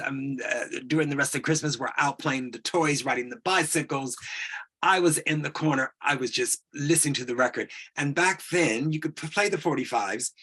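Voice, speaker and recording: A man's voice: fairly high pitch, pushed and bright, breathy edge. A middle-aged man telling a personal story as an interview guest, hesitant, with frequent restarts.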